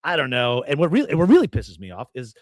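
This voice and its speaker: A man co-hosting a casual golf betting podcast, ranting with lively, profane emphasis. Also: medium pitch, fast, dry recording. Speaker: podcast co-host. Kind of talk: casual sports betting chat.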